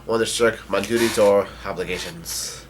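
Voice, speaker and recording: A man's voice: on the low side, steady tone, moderate pace, slight background noise, natural voice. A man voicing a big carefree male cat warrior from a manga, read aloud plainly with stumbles. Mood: boastful.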